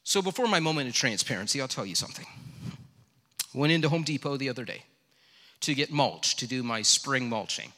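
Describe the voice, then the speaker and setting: Middle-aged male pastor, bright and forceful tone, chatty sermon storyteller, reverberant church hall. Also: medium pitch, expressive, fairly quick. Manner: storytelling, conversational and self-deprecating. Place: church sanctuary.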